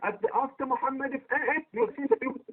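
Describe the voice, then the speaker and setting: A man's voice: very high-pitched, big pitch swings, fast, slight background noise. A man in a heated online debate, pressing his opponent with repeated, insistent questions. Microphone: poor quality microphone. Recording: tinny phone-like voice chat line.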